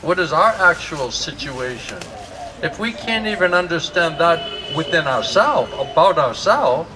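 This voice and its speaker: A man's voice: on the high side, expressive, measured pace. A man, a monk, giving a morning scripture class in a chatty, joking sermon style. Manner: joking, chatty, laughs often. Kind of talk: conversational sermon. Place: temple class in India. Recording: distant mic with noisy ambience.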